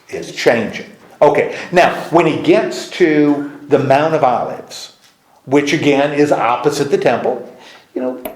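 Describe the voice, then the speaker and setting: A man's voice: medium pitch, darkish tone. A male pastor leading a casual Bible study, explaining at length with restarts and putting questions to the group. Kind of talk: informal teaching discussion. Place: church meeting room. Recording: echoey room.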